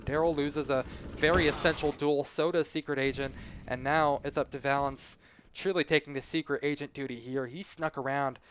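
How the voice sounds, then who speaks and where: Male esports caster, slightly high-pitched, live play-by-play, analytical and chatty, faint background noise. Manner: conversational, analytical, with casual asides. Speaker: esports commentator.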